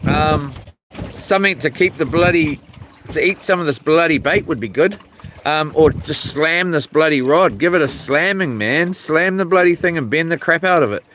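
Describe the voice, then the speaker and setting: A man's voice: high voice, sharp tone. A man chatting casually on a live fishing stream outdoors by the sea, rambling and swearing lightly as he greets viewers by name. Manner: laid-back, rambling, reads viewer names aloud, swears casually. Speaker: fishing livestreamer.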